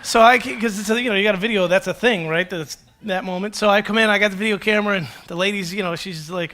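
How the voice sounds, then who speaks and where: A male pastor in his forties tells a sermon story with a high, bright voice. He acts out the voices of people in his anecdotes and jokes about himself as he preaches from a church stage. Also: quick pace, few pauses. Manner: animated, self-deprecating, acts out quotes.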